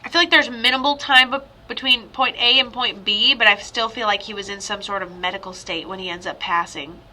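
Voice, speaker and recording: A woman psychic medium giving a chatty, rambling spirit reading over a video call, with sudden excited outbursts. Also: medium pitch, brisk.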